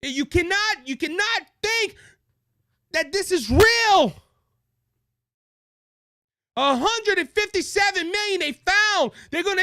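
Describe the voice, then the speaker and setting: Cajun male political host, heated rant, bright sharp high voice, dry studio sound. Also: dry recording. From Louisiana. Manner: impassioned, raises voice, repeats words as he restarts. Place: studio with a monitor.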